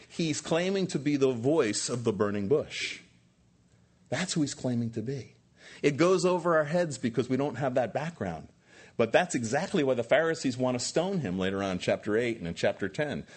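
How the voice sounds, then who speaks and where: Husky older man preaching a sermon. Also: mid-range voice. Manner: earnest, repetitive emphatic preaching with restarts. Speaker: pastor.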